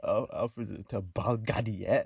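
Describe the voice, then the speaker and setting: A man's voice: lowish voice, steady tone, normal speed, gravelly, a little mellow, breathy edge, no echo. Teasing young Dublin man, dry sound. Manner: teasing, repeats himself while cutting in. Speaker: podcast co-host. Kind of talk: casual banter among friends.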